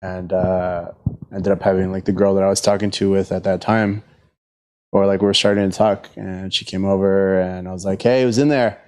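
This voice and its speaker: A man's voice: low-pitched, monotone, moderate pace, a little mellow. A man telling a long profane story in a casual podcast chat.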